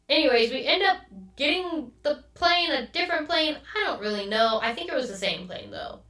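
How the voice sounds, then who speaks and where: A woman's voice: fairly high pitch, a little fast, bright, forceful tone. A woman hosting a podcast, telling a story in a casual, exasperated rant and swearing often. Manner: exasperated, swears a lot, quotes others mid-story. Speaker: podcast host. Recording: echoey room, mic at a distance.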